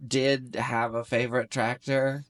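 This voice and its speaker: A man's voice: mid-range voice, flat delivery, measured pace. Rambling Southern man on a podcast. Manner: rambling, profane, laughs often. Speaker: podcast guest, comedian. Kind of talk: casual chat.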